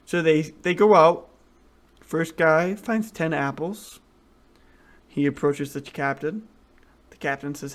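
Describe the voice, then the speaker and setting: A podcast co-host with a fairly high, steady voice speaks slowly and pauses often. He rambles through crude jokes in casual chat, restarting himself a lot.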